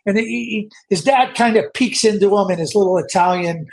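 A man's voice: sits high, fairly quick, vocal fry. A middle-aged man, a hockey analyst guest giving emphatic, opinionated sports talk and repeating words when he presses a point. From Canada.

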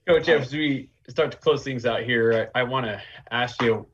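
Host, a man with a breathy, husky voice; hesitant delivery, muffled audio. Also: medium pitch, a bit bright. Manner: halting, searching for words. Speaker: podcast host. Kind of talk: interview question. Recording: husky voice, muffled, a bit off-mic.

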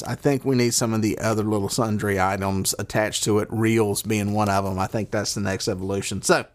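A man with a Southern accent hosting a podcast in a loose, rambling monologue, folksy and full of filler words. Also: mid-range voice. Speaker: podcast host. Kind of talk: casual monologue. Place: at a desk.

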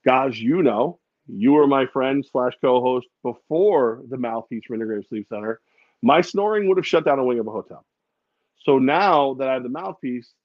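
Podcast co-host dad, animated storyteller, does silly voices, dry slightly muffled mic. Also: male voice, medium pitch, no room sound. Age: adult with a daughter. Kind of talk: casual chat.

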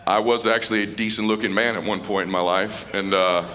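A middle-aged man giving an emotional stage speech as a motivational speaker, casual and slangy, dropping to a hushed voice in tender moments. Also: fairly low pitch, steady tone, fairly quick. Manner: casual and slangy, calling people dude and man. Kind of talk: emotional speech to a live audience. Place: stage at a live event.

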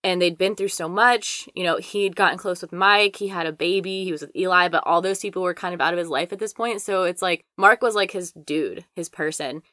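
A woman's voice: lowish voice, a little fast, hardly any pauses, pushed and bright, no echo, studio quality. A young woman co-hosting a podcast, casually retelling a true-crime story with lots of "like" and swearing. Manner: chatty, heavy use of "like" and swearing. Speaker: podcast co-host.

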